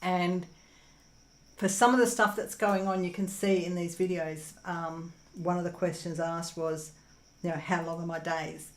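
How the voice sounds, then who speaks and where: This crafting channel host, a young Australian woman, speaks at a measured pace in a lowish, fairly even voice, and the home room echoes. She works on diamond painting while chatting casually through viewer comments, rambling with lots of ums and laughs.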